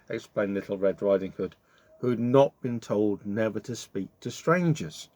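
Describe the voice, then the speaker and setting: A man reading a children's fairy tale aloud in an expressive storytelling manner. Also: lowish voice, normal speed, no room sound.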